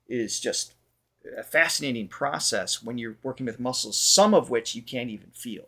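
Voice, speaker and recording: A man's voice: mid-range voice, moderate pace, sharp tone. Man explaining vocal anatomy. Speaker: vocal coach and host. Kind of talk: explanatory reaction chat.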